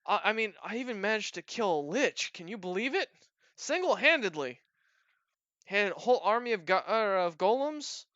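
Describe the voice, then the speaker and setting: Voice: medium pitch, sing-song, normal speed, fairly bright tone, no room sound, highs cut off, pitched above the performer's own voice. A game master voicing a boastful, cowardly male goblin mercenary who rambles on about his own exploits. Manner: rambling, bragging, nervous pleading.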